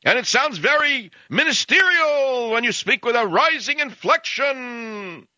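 A man mocking a pompous male political orator who shouts and speaks with a rising, preachy inflection. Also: very high-pitched, expressive, unhurried, no room sound, dull audio, pitched above the performer's own voice, full character voice.

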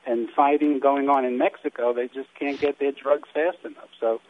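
A man's voice: medium pitch, steady tone, normal speed, a little hiss or hum. A man calling in to a radio show, speaking hesitantly with many fillers. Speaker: caller. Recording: tinny phone line.

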